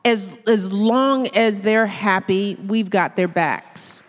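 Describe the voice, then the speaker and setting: Woman, podcast host, earnest and reflective, mid pitch, slight hall reverb. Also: takes it slowly. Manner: earnest, reflective, quotes others in lively put-on tones. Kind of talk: heartfelt casual conversation.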